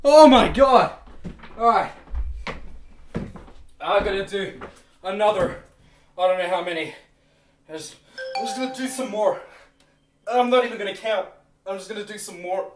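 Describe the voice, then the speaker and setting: A male livestreamer thanking donors on a live stream, stammering and swearing in disbelief, with sudden bursts of shouting. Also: high voice, moderate pace, long pauses, a little hiss or hum.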